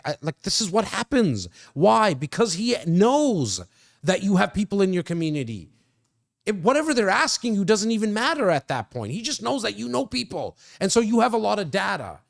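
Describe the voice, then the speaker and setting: A man coaching real estate agents in an emphatic, energetic way, using casual slang. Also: fairly high pitch, gravelly. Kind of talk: coaching talk, role-playing sales calls.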